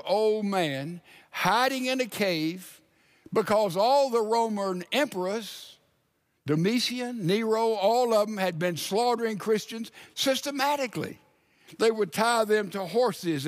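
An older man preaching a sermon, dramatic, sometimes dropping to a hushed voice when quoting scripture. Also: high-pitched. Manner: dramatic preaching, drops to a hush for quoted scripture. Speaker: pastor.

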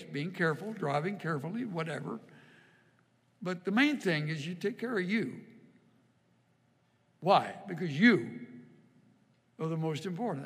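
Male pastor, middle-aged, wry and earnest, fairly high pitch, echoey sanctuary sound. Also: a bit bright. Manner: conversational storytelling, wry and earnest. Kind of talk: sermon with personal stories. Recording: long reverb of a large hall.

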